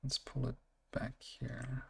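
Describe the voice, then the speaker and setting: A man talks through his city-building game in a loose, rambling way, often correcting himself mid-sentence. His voice sits at an ordinary pitch with a gravelly edge. It sounds like a home stream on a desk mic. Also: completely flat delivery, slow, fairly bright tone, a little hiss or hum. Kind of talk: casual gameplay commentary.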